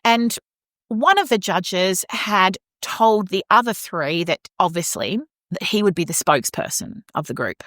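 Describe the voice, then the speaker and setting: A woman's voice: mid-range voice, a little slow, dry recording, studio quality. Candid Australian woman telling stories. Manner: candid, lively storyteller with frequent restarts. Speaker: opera singer and podcast co-host. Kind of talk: casual storytelling chat.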